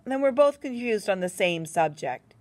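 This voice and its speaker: A woman's voice: mid-range voice, very animated, moderate pace, darkish tone, pitched above the performer's own voice, natural voice. A woman voicing Alexander, a bitter young German soldier. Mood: weary. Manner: terse, clipped, restrained anger. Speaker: medical orderly.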